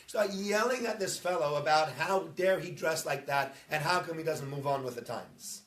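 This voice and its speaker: Male rabbi, informal talk, animated storyteller, a bit high, roomy echo. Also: slight background noise. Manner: chatty storyteller, rising into animated emphasis. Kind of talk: informal talk to a congregation, streamed live. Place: synagogue hall.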